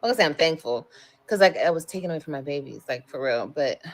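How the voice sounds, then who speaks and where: A woman's voice: deep voice, expressive, fast, slight background noise. A woman talking casually on a livestream, blunt and heavy on swearing as she vents to her viewers. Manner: blunt and profane, emphatic venting.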